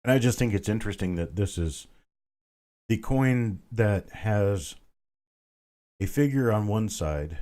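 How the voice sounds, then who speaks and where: A man's voice: low voice, warm tone. A man hosting a live online coin auction, chatting casually, calling out bids and greeting bidders by name. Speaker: auction host.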